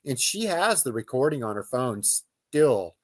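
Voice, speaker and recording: A man's voice: medium pitch, very animated, unhurried. A man telling a personal outdoor story as a guest, in loose casual speech with fillers, restarts and imitated animal calls. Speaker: guest recounting an outdoor encounter.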